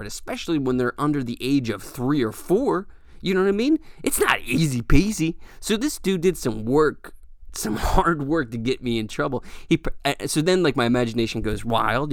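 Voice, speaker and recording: Young male podcast host, gravelly voice, rambling profane storytelling, dry close sound. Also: medium pitch, no room sound. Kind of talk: storytelling monologue.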